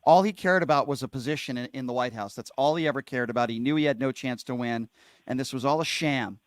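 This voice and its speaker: Male call-in radio host, outspoken and emphatic, mid pitch, dry booth sound. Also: quick pace, clear, resonant tone, dry recording. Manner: heated and outspoken, stressing words. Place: radio studio.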